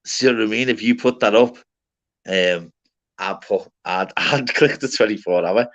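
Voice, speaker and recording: A man's voice: lowish voice, a little slow, a bit bright. Blunt, sweary man. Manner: swears constantly, rambling and blunt; calls everyone lad and mate. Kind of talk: casual chat. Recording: slightly dull lo-fi audio.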